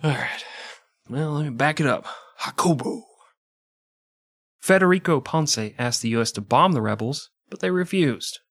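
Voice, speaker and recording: A man's voice: fairly high pitch, animated, fairly quick, hardly any pauses, a bit bright, no echo, clean studio sound. A man narrating history as a podcast host, with profane, jokey asides. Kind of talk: irreverent comedic history narration.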